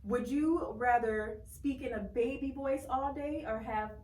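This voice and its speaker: A woman's voice: on the high side, unhurried, darkish tone, recorded from a distance. A woman hosting a casual interview, playful and upbeat, asking light questions and laughing often. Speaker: interviewer host. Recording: roomy echo, away from the mic, faint hiss.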